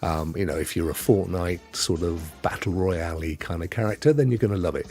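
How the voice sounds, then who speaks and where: Husky man chatting on stream. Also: deep voice, fairly quick, a little mellow, soft background music. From United Kingdom. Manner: rambling, chatty, chuckles often. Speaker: gaming show host. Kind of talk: solo live-stream chat. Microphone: headset.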